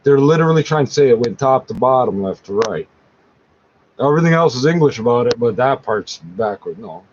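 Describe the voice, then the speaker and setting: A man's voice: medium pitch, animated, a little fast. A man reading a page aloud and talking back to it, scornful, correcting it and swearing often. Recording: dull lo-fi sound, faint background noise.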